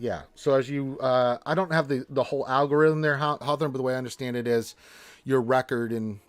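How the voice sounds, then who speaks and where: A man's voice: medium pitch, brisk, no room sound. A man hosting a casual gaming livestream, reading chat in a blunt, emphatic, rambling manner.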